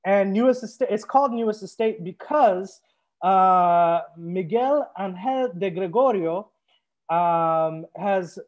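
A man's voice: high voice, slow. A young man hosting a live wine tasting, chatting casually and talking straight to his viewers. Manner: chatty, upbeat, addresses viewers directly. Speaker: sommelier and show host.

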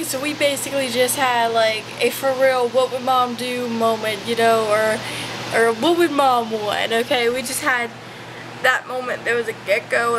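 A woman's voice: fairly high pitch, background noise. A woman vlogging casually at home, rambling and poking fun at herself. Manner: rambling, self-mocking, quick. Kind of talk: casual vlog chat to camera. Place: home, indoors.

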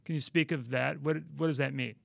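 A man hosting an interview, asking long, halting questions full of restarts. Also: medium pitch, fairly even intonation, vocal fry, no room sound, studio quality. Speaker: interview host.

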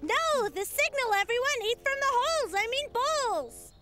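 A woman's voice: very high voice, big pitch swings, moderate pace, over music. A woman voicing a scatterbrained adult dog trainer in a cartoon who keeps mixing up her words. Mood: flustered.

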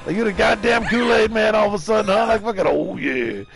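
A man streaming a game live, giving loud, excitable, profane commentary and taunting the enemy. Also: high-pitched, fairly quick, gravelly, over music.

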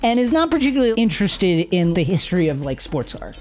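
A woman hosting a comedic sports commentary, riffing in an animated way and swearing freely. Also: fairly low pitch, fast, faint music behind. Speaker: host.

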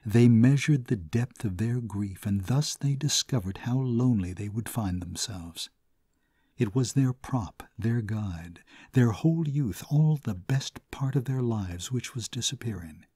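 A man narrating a classic short story in a measured, somber way. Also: mid-range voice, mellow, husky, no echo, studio quality. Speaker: audiobook narrator.

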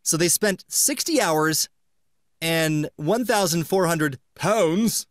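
A man's voice: a little high, takes it slowly, no room sound, clean studio sound. A man hosting a podcast in casual chat, playfully reading quiz questions aloud and laughing mid-sentence. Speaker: podcast host.

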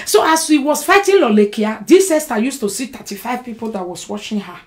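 Animated Nigerian woman hosting a live stream. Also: on the high side, brisk. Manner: animated, argumentative, reads and answers viewer comments. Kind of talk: casual live-stream chat.

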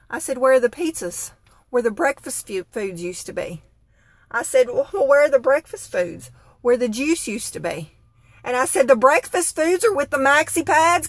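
A woman telling an exasperated, dramatic comic rant with expressions. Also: a little high. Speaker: comedic vlogger.

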